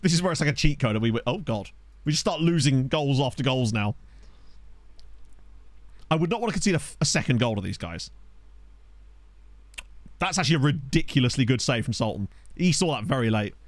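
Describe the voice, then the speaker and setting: A young man giving chatty, excitable live commentary on a football management game while streaming and answering his chat. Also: on the high side, dry recording. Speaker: gaming streamer. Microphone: desk USB microphone.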